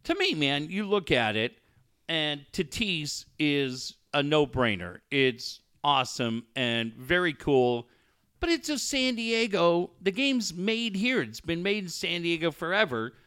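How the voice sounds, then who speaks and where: A man's voice: fairly high pitch, sing-song, measured pace, sharp tone, smooth, no echo, studio quality. A man co-hosting a podcast in casual chat, swearing often and acting out the people in his stories. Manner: profane storyteller, acts out quoted voices. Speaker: podcast co-host.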